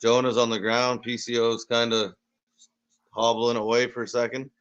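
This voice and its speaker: A man's voice: mid-range voice, little pitch movement, normal speed, fairly bright tone, smooth, dull audio. A man hosting a casual live reaction chat, easygoing and asking the others questions. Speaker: watch party host.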